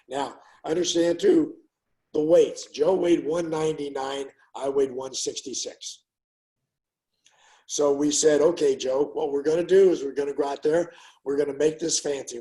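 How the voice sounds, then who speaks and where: Captured on a low-quality recording, an older ex-fighter with a voice on the high side spins stories in a relaxed interview. He tells them with animation, loudly performing the things people said.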